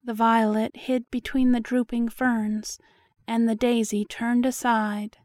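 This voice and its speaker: Woman narrating a story poem, slow, very even and flat delivery, dry. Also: fairly high pitch, dry recording. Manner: slow, even, measured recital. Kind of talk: reading a story poem aloud.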